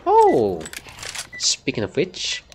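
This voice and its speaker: A man with a heavy accent talks casually through a desk mic while streaming a shooter game. His voice jumps around a lot in pitch, dropping into quiet mutters and then bursting out loudly. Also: drawn-out words, a little hiss or hum. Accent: heavy accent of unstated origin. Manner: animated, swings between low mutters and loud exclamations. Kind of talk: casual gaming stream chat.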